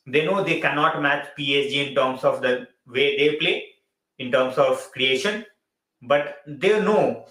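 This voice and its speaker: A football channel host chats on a live stream late at night, tired and yawning, switching between Hindi and English mid-sentence and repeating phrases. His medium-pitched voice is pushed and bright. The recording is low quality with a roomy sound.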